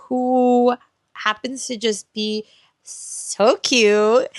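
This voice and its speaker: A young woman vlogging casually about books she is reading, chatty and animated, swearing freely. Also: medium pitch, no echo. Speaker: book vlogger. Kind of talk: casual reading vlog chat.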